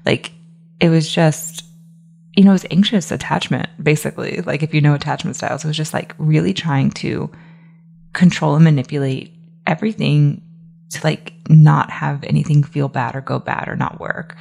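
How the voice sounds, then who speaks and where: Woman podcast host, business coach, low voice with heavy vocal fry, casual and emphatic. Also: steady tone, normal speed, dark tone. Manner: casual, emphatic, many fillers like "like" and "right?". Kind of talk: solo podcast monologue.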